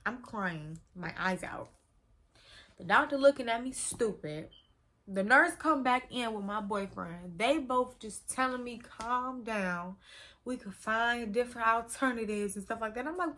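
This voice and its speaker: A young woman, casually telling a personal story in an animated, slangy way that acts out what people said. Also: a little high, measured pace. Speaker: vlogger telling her birth story.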